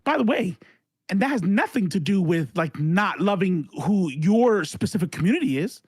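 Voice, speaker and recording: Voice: mid-range voice, lively intonation, moderate pace, a little mellow, slightly rough, dry recording. A podcast co-host on a video call in casual chat, talking in a heated, profane rant.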